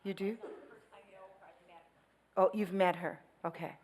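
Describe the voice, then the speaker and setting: Animated woman speaker telling a story. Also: lowish voice, takes it slowly, low-quality recording. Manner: animated storytelling with laughs and voiced quotes. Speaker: guest speaker. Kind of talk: storytelling church talk.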